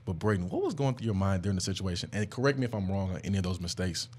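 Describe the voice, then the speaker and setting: A young man hosting a podcast, telling a story in a casual, animated way and leaping up in pitch when he acts out quotes. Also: racing. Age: young adult. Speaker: podcast host. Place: studio.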